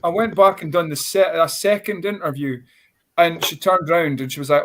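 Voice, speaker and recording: A man's voice: on the high side, moderate pace, a little hiss or hum. A Scottish man in his forties, a comedian telling a rambling, blunt, self-mocking story on a panel show. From Scotland. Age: 40s. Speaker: stand-up comedian.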